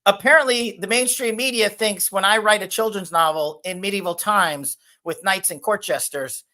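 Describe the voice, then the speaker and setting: Male interview guest, bright edgy tone, insistent and promotional delivery. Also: sits high, moderate pace. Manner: forceful, promotional, list-like talking points. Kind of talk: political interview.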